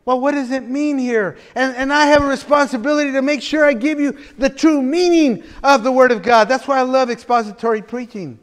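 A man's voice: very high-pitched, brisk, hardly any pauses. A man preaching a conversational sermon as pastor, chatty and folksy, with frequent laughter and restarts. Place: church sanctuary. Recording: reverberant church hall.

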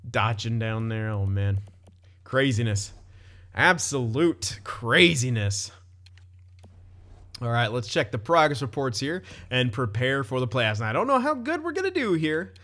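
A man's voice: mid-range voice, big pitch swings, unhurried, bright, forceful tone. A young man casually commenting on his own hockey game, chatty, often laughing and swearing loosely. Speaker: gaming commentator.

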